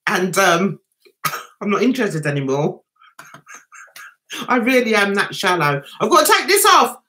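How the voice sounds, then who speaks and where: A woman hosting a casual livestream from home, chatty and excitable as she reacts to viewer comments, speaking into a computer or phone mic. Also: mid-range voice, measured pace. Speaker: livestream host.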